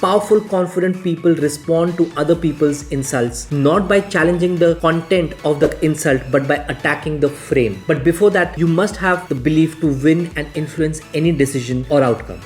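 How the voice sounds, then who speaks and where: A narrator reading a scripted self-help video essay in a measured, explanatory way. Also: mid-range voice, soft background music.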